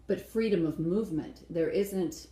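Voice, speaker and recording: A woman's voice: lowish voice, unhurried, dark tone, reverberant, poor audio. A woman co-hosting a casual dance-show review, blunt and opinionated, acting out quotes as she talks.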